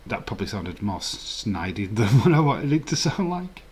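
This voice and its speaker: A man's voice: on the low side, sing-song, normal speed, slightly rough. A man hosting a casual live stream, rambling and chuckling while reading the chat. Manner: rambling, chuckling, chatty asides.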